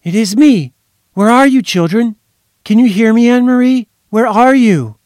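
A man reading aloud voices a desperate young mother shouting and pleading into a phone for her lost child. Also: extremely high pitch, normal speed, dry recording, clean studio sound, pitched above the performer's own voice. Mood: frantic.

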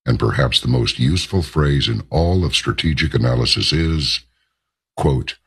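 A man's voice: a bass voice, animated, unhurried, slightly rough. A man hosting a talk radio show, delivering an emphatic opinion monologue and drawing out the words he stresses.

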